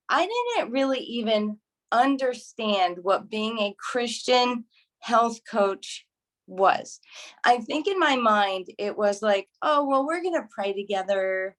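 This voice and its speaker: A woman mentor giving an earnest, enthusiastic testimonial on a casual video call. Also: mid-range voice. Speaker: mentor and graduate sharing experience.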